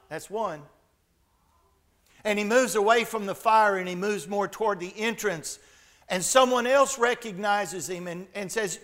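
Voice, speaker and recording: A man with a high-sitting voice preaches a sermon at a measured pace, retelling a Bible story. His delivery shifts dramatically between loud and hushed.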